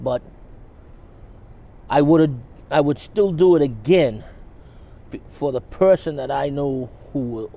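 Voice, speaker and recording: A man in a documentary interview recalling past phone calls in a reflective, halting way. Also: fairly high pitch, darkish tone. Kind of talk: interview storytelling.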